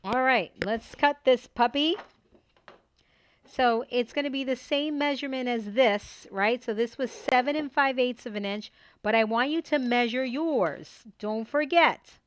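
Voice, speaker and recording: A middle-aged woman hosting a papercraft tutorial, chatting casually and excitedly while she works and talking herself through each step at her desk at home. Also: fairly high pitch, a little slow, smooth. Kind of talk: casual crafting tutorial chat.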